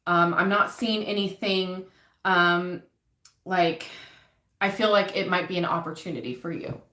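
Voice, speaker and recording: Woman, tarot reader, low-pitched, hesitant and soft, casual live reading, echoey room. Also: fairly even intonation, a little slow. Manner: soft-spoken, hesitant, frequent ums, gets emotional.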